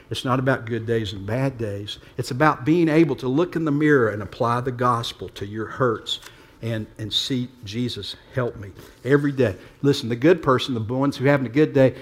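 This pastor's voice is husky and medium-pitched. Preaching to his congregation in plain terms, he moves back and forth between quiet asides and forceful points.

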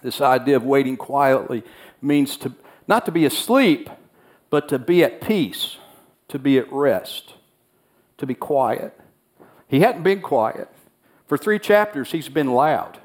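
A man's voice: medium pitch, animated, slow pace, long pauses. A man preaching a sermon, earnest and repeating key phrases as he voices the prophet's words. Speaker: pastor.

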